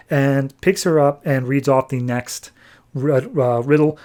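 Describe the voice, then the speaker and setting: A man's voice: medium pitch, steady tone, measured pace, a little mellow. A man hosting a podcast, casually recapping a comic book issue with wry asides. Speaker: podcast host.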